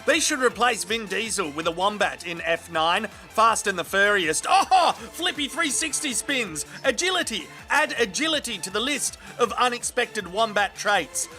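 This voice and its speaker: A man with an Australian accent narrating animal clips in an energetic, cheeky and sweary comic style. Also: high-pitched, normal speed, hardly any pauses, soft background music. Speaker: comedy video narrator.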